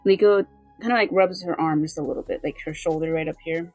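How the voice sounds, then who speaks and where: Soft, low-voiced woman player. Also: fast talker, faint music behind, poor audio. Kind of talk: playing a tabletop game.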